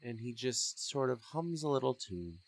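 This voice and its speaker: A man narrating a tabletop role-playing game as game master in slow, measured storytelling. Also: medium pitch, lively intonation. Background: background music.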